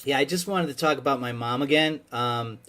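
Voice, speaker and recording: A man's voice: medium pitch, a little fast, a bit bright. A man telling rambling, exasperated stories to a therapist over a video call, his voice climbing to pleading. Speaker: patient in comedy sketch. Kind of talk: comedic monologue to a therapist.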